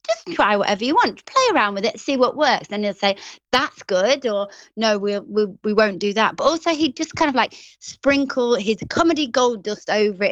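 This guest, a Grimsby-accented actress from England in her thirties, gushes through a casual interview, constantly restarting and saying "like." Her voice is fairly high, and the dry recording has its highs cut off.

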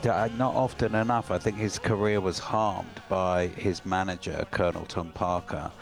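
A man co-presenting on radio, giving opinions in casual chat with halting restarts. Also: sits low, fairly even intonation, vocal fry, faint music behind.

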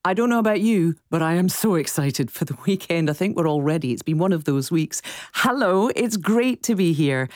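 Bubbly woman radio host, low voice. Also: lively intonation, moderate pace, darkish tone, no room sound, clean studio sound. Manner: bubbly and effusive. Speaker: radio presenter. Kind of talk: casual radio chat. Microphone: studio microphone.

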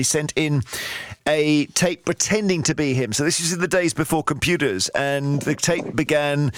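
A man hosting a radio chat show, lively and quick to interject with questions. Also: mid-range voice, no room sound, studio quality. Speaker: radio presenter.

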